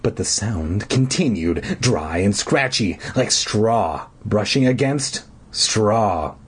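A man's voice: on the low side, lively intonation, slow pace, breathy edge. A man reading a horror book aloud for laughs, breaking off into snarky, profane asides. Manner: snarky asides, swearing, mock drama. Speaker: comedic reader.

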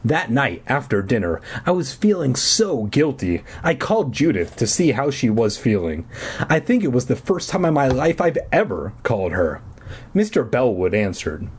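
Husky man reading aloud with crude asides. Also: mid-range voice, big pitch swings, moderate pace. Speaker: reader. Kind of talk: comedic audiobook reading.

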